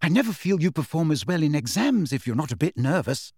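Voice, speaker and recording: A man's voice: fairly high pitch, very animated, brisk, a little mellow, breathy edge, dry recording, studio quality. A man voicing a hearty, clever teenage girl in an audiobook, with a lightly raised voice. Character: hearty know-it-all teenage girl Hermione.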